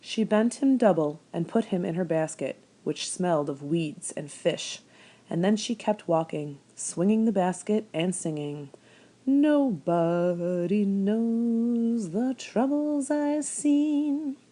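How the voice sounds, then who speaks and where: A woman reading a children's chapter book aloud in a calm, steady storytelling voice. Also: fairly low pitch, a little slow. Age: adult. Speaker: reader.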